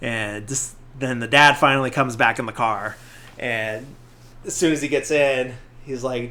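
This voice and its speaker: A man with a bright, forceful, medium-pitched voice hosts a podcast, speaking at a moderate pace with a steady tone. He casually recaps a movie scene by scene in a rambling, filler-heavy way, acting out its quotes.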